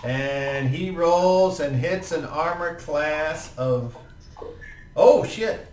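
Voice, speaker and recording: Male game master, casual and profane, slow delivery, room echo. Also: on the high side, heavy background noise. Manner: laid-back, profane, vivid play-by-play. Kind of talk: narrating a tabletop game. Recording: roomy, distant mic with faint ambience.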